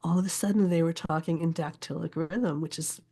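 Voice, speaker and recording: An older woman, a poet and teacher, explaining her subject in a casual interview, thoughtful and often pausing to search for words. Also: sits low, fairly even intonation, dark tone, husky.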